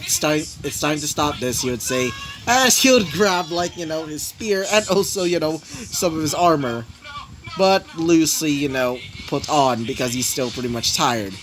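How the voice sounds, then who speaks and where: A young man narrates a fan story off the cuff. His voice sits fairly high, and he rambles through his fillers as he finds the next beat. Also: a bit bright. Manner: rambling, full of 'you know' and 'basically'.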